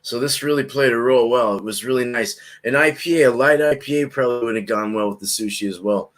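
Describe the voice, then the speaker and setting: A man with a mid-pitched voice talks eagerly about his food and beer on a casual stream. His descriptions pile up in long, excited lists. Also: quick pace. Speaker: guest reviewer.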